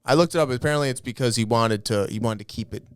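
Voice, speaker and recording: A man co-hosting a podcast, chiming in with relaxed, joking remarks. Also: mid-range voice, fast, clean tone, dry recording, clean studio sound. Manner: chiming in, joking, laid-back. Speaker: podcast co-host. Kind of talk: casual podcast banter.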